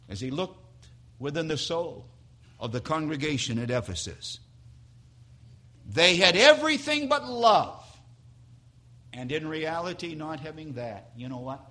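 A male pastor preaching a dramatic sermon in a church sanctuary, swinging from hushed to loud as he tells a story. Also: a little high.

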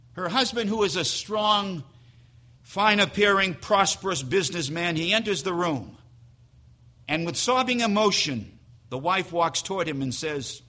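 A male pastor preaching a dramatic sermon in a church sanctuary, swinging from hushed to loud as he tells a story. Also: high-pitched.

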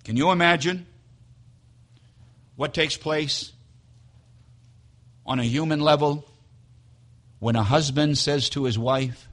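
Dramatic preacher with a bright voice. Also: male voice, a little high, takes it slowly, pauses often. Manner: dramatic, storytelling, swings from hushed to loud. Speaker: pastor. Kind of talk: sermon. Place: church sanctuary.

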